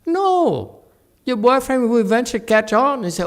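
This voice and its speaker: At a moderate pace and a very high pitch, he lectures on Buddhism in a temple hall in a chatty way. Animated, he keeps slipping chuckling comments to the audience.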